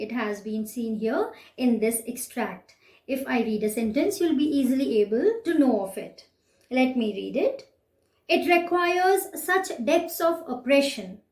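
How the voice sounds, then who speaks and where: A woman's voice: fairly high pitch, darkish tone. A woman with an Indian English accent teaching a class, patiently explaining exercises and often checking in with "right?". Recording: echoey room, voice slightly distant from mic.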